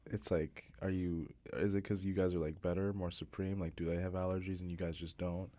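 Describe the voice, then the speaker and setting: Low-voiced, teasing man hosting a podcast. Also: flat delivery, a little fast, dark tone. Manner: dry, teasing, mock-serious. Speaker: podcast host. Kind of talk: casual chat.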